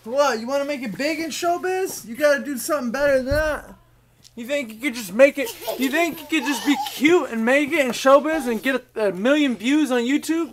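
A man filming his baby son at home in a bedroom, teasing and coaxing him in a playful, joking way. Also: very high voice. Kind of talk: playful home video talk to a toddler.

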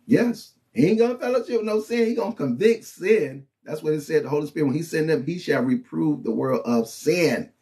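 A man preaches in a loose, colloquial teaching style and keeps turning to his listeners with quick check-ins. His pitch leaps and dips with real animation, while the tone itself stays dark and mellow. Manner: animated and colloquial, with frequent "you know what I'm saying" and "okay?". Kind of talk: informal preaching and Bible teaching.

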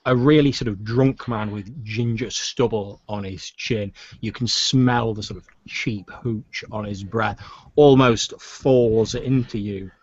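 A man running a tabletop role-playing game as game master, narrating in a relaxed, hesitant way with many fillers. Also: fairly low pitch, slow pace, no room sound. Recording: dull lo-fi recording.

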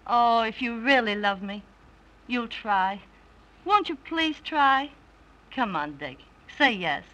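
A woman's voice: a little high, animated, slow, sharp tone, exaggerated voice, low-quality recording. An actress playing a headstrong, spoiled young woman from a rich family who talks in a coaxing, playful way in an early 1930s film. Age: young adult.

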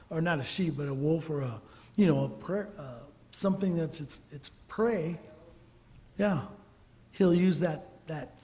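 A man's voice: a little high, a little mellow. Preaching man in a reverberant hall. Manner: storytelling preacher, acts out dialogue, drops to near whispers. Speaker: church elder teaching. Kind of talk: sermon. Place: church sanctuary. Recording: long reverb of a large hall.

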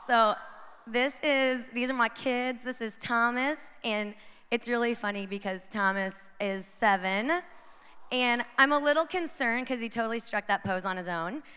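A woman in her thirties gives a talk at a youth conference. She is chatty and playful and slips into girls' voices as she goes. Her voice is bright and very clear, with long reverb from the hall. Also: fairly high pitch, normal speed. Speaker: conference speaker. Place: large hall with audience.

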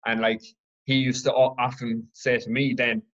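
A man from Ireland hosting his own podcast, telling a personal story in an earnest, reflective, halting way. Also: medium pitch, level tone, fairly bright tone, lo-fi sound. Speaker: podcast host.

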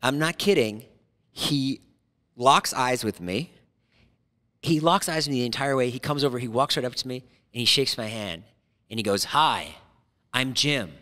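A man's voice: mid-range voice, normal speed, long pauses, sharp tone, long reverb tail. A man in his forties hosting a podcast in a studio, telling rambling stories and laughing often. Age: 40s. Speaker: podcast host. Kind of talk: casual chat.

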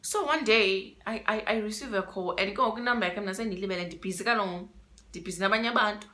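A woman's voice: medium pitch, quick pace, bright, forceful tone. Dramatic South African woman telling a story. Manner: emotional and dramatic, switching between English and isiXhosa; repeats words for emphasis. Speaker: vlogger. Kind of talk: story time vlog.

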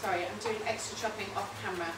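A woman's voice: mid-range voice, steady tone, fast talker, background noise. A woman, hosting a casual home cooking stream, chatting and rambling with frequent laughs while reading out viewer comments. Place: home kitchen.

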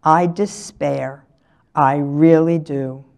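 A woman's voice: low voice, fairly even intonation, slow, gravelly, darkish tone, exaggerated voice. Older woman doing a haughty lecturing mother. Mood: indignant. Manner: indignant, lecturing, overly precise. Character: haughty, exasperated middle-aged mother.

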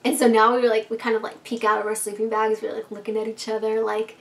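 Chatty, higher-voiced woman telling a story. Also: flat delivery, quick pace, fairly bright tone, distant mic. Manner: chatty, heavy use of "like", swears freely, acts out quoted friends. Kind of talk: casual storytime narration.

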